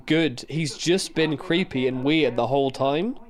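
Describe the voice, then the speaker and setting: A man's voice: a little high, a little slow. A young English man co-hosting a podcast, rambling and restarting as he talks about a show. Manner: rambling, lots of fillers and restarts. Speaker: podcast co-host. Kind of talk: casual chat while watching a show.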